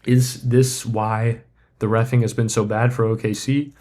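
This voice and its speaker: A man hosting a casual comedy vlog, spinning a tongue-in-cheek theory in a deadpan, mock-serious way. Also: medium pitch, a little slow. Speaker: sports comedy creator.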